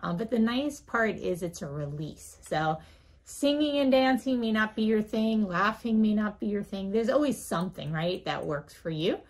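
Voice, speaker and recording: A woman, a physician guest on an interview show, telling a story with lively delivery and laughing often. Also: medium pitch, moderate pace. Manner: lively, acts out voices in her anecdotes, laughs often.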